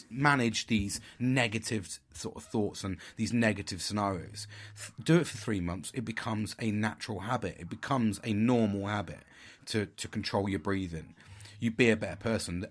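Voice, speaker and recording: A middle-aged man giving a candid vlog monologue, blunt and frank, with heavy swearing. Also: lowish voice. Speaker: vlogger.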